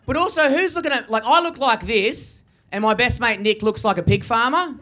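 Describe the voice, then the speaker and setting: Brash, bright-voiced Australian stand-up comic. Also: male voice, lively intonation, normal speed. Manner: high-energy, brash and swearing. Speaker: stand-up comedian. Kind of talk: stand-up comedy set.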